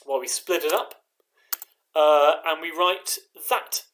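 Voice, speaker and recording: Choir director guy going through rhythms really slowly, patient, chanting ta ta ta. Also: a little high, a bit bright. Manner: patient, clapping out rhythms with drawn-out syllables.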